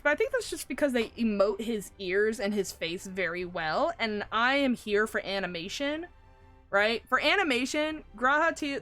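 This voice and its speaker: A woman's voice: on the high side, fairly bright tone. A woman streamer chatting casually and animatedly about a game, swearing and laughing a lot. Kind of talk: casual live-stream chat. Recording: faint game music behind.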